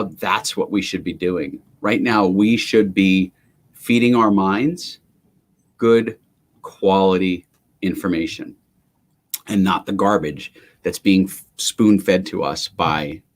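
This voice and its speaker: A man hosting a motivational live stream, talking emphatically in an energetic, ranting way. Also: sits low, unhurried. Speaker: livestream host. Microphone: webcam or computer mic on a live stream.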